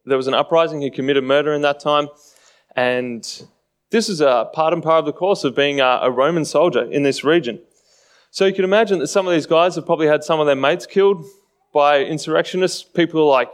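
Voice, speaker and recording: A man's voice: a little high, brisk. A man preaching a sermon in a conversational way, often acting out mocking voices.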